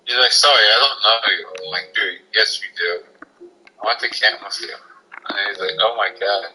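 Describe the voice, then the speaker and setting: A man's voice: lowish voice, fairly even intonation, moderate pace, pushed and bright, slight background noise, poor audio. A man streaming a game, rambling through casual anecdotes full of fillers. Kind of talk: casual storytelling chat.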